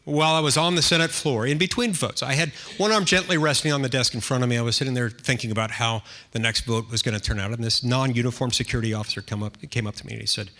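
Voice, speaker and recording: A man's voice: medium pitch, fast, few pauses, bright, forceful tone. A middle-aged American man, a senator, telling a self-deprecating anecdote in a speech, with dry humor and frequent restarts. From United States.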